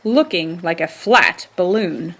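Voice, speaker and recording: A woman reading a children's storybook aloud with slow, emphatic, expressive delivery. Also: on the low side.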